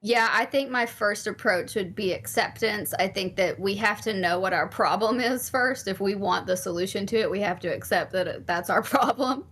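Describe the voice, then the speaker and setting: A woman's voice: medium pitch, moderate pace, few pauses, fairly bright tone. Picture a woman guest on a laid-back podcast interview, a therapist and life coach. She talks openly and candidly, swears now and then, and leans on plenty of fillers as she explains her ideas. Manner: frank and candid, casual swearing, many fillers.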